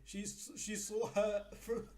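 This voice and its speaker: A man's voice: high voice, completely flat delivery, slow, warm tone. A man co-hosting a casual podcast, recapping a wrestling event step by step with frequent fillers. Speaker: podcast co-host.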